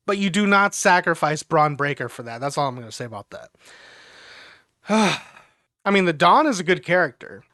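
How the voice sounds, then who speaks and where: A man's voice: a little high, a bit bright, clean tone, dry recording, studio quality. A man reviewing a wrestling show in casual commentary. He rambles and swears, with lots of filler words.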